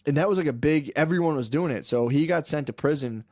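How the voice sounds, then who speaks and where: Man, podcast co-host, rapid rambling storytelling, slangy and profane, dry close mic. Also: on the high side, darkish tone, no echo. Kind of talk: casual podcast chat.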